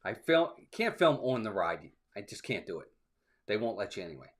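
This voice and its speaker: A man's voice: lowish voice, very animated, a little fast. A man co-hosting a livestream, chatting casually and telling a rambling story, quoting people along the way. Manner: chatty storytelling, acts out ride motions and quotes. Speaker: co-host of a theme park livestream. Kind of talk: casual chat.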